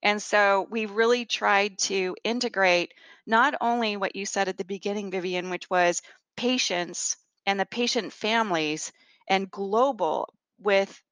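A woman's voice: medium pitch, unhurried, no room sound. A woman guest in a conversational interview, telling stories earnestly with some fillers and restarts. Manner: earnest, animated storytelling with fillers. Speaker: guest, rare disease research leader.

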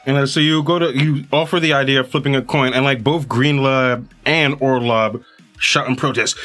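A man's voice: mid-range voice, fairly even intonation, normal speed, a bit bright. A man narrating as game master of a tabletop game, loose and full of fillers. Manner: loose, filler-heavy storytelling.

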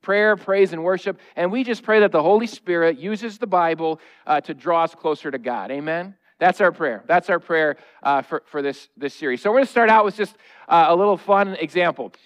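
High-voiced joking pastor. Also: male voice, fairly quick. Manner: humorous, conversational, acting out noises and quotes. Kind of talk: sermon. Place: church sanctuary.

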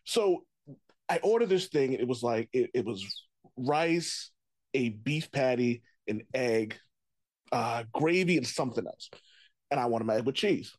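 A man's voice: mid-range voice, animated, a little slow, no room sound. Rambling male comedian, dry close mic. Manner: rambling storytelling, restarts, laughs often. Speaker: comedian guest. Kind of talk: casual podcast chat.

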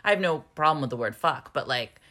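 A woman's voice: sits low, expressive, sharp tone. Curious woman podcast co-host. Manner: curious, asks questions, quick to laugh. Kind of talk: casual chat.

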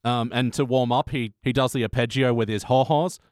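A man's voice: medium pitch, steady tone, fairly quick, no echo, clean studio sound. A man hosting a casual podcast chat, laughing often. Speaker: podcast host.

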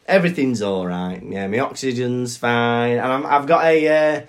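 A young adult man co-hosts a podcast, chatting casually at a measured pace in an animated, mid-range voice. He tells stories and mimics the people in his anecdotes.

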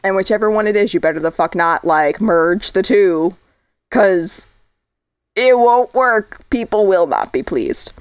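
A woman's voice: medium pitch, lively intonation, a little slow, clear, resonant tone, no room sound. A woman co-hosting a podcast in casual chat, talkative and prone to laughing and going off on tangents. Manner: chatty, tangential, laughs often. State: losing her voice. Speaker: podcast co-host.

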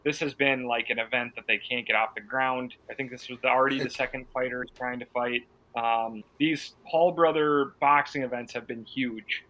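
A man's voice: mid-range voice, fairly even intonation, normal speed, hardly any pauses, fairly bright tone, poor audio. A man hosting a casual sports podcast, steering topics and giving blunt opinions. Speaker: podcast host.

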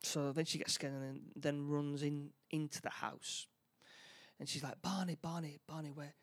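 A man chats loosely as a co-host, tripping over his words and jumping into the characters' lines. His voice is rough and gravelly and sits a little high. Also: little pitch movement, a bit bright. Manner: halting, many restarts, acts out lines. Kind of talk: casual chat recapping a film plot.

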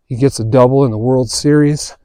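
Male podcast host, mellow easygoing storyteller, dry close sound; hops into the characters' voices now and then. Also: mid-range voice, fairly quick, dry recording. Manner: relaxed, chatty storyteller who acts out quoted dialogue. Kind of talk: casual storytelling monologue.

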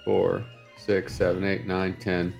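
A man's voice: low voice, completely flat delivery, slow, gravelly, a little mellow, soft background music. A man co-hosting a casual morning show, talking plainly and hesitantly with fillers. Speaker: co-host.

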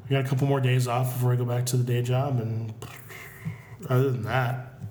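Deadpan male podcast co-host, roomy sound. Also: mid-range voice, fairly quick, a little hiss or hum. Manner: dry, deadpan joking. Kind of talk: casual chat.

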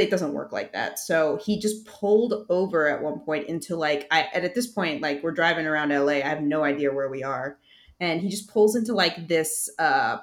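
A young woman from Brooklyn with a slight Brooklyn accent, hosting a podcast and telling stories in casual chat, with plenty of fillers and swearing. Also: sits low. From Brooklyn, New York. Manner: animated storyteller, swearing, many fillers. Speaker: podcast host.

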